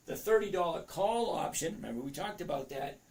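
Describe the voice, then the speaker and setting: A man's voice: a little high, background noise. A man in his fifties with a cracking voice, chatting through a live trading lesson and reading viewer comments aloud. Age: 50s. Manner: chatty, reads comments aloud, self-interrupting. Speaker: trading educator.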